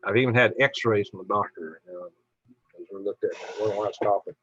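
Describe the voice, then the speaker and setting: A man's voice: on the low side, fast, fairly bright tone, breathy edge, no room sound, dull audio. A middle-aged man hosting a casual live stream, reading viewer comments aloud in a chatty, tired way. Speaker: livestream host.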